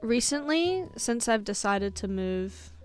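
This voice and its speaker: Brief: young New woman, slightly high voice, rambling self-mocking streamer chat, faint music underneath. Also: animated, slow, clear, resonant tone. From New Zealand. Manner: rambling, self-mocking, laughs between thoughts. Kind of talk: casual chat while drawing on stream.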